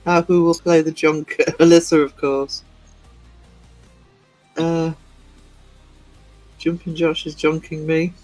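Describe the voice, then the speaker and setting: A man's voice: on the high side, monotone, slow pace, long pauses, darkish tone, low-quality recording. A man hosting a livestream, giggling as he reads out chat messages. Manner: giggly, reading chat aloud. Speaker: livestream host. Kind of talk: casual live-stream chat. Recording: faint music behind.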